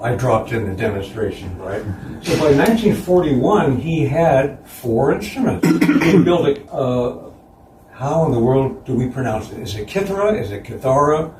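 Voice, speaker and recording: A man giving a conference lecture about slides, relaxed and chuckling between points. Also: medium pitch, unhurried, a little hiss or hum. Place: concert hall. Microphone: distant room mic. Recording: roomy, distant hall recording.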